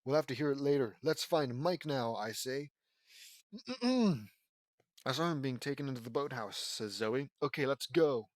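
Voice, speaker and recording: A man's voice: medium pitch, expressive, a little slow, no echo, studio quality. A man reading fan fiction aloud as an audiobook, breaking off often for sarcastic, frustrated asides.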